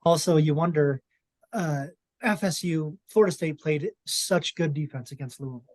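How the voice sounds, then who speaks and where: A man's voice: fairly high pitch, normal speed, a little mellow, no room sound. Man moderating a sports podcast. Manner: moderating, introducing topics. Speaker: podcast host. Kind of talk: casual sports discussion.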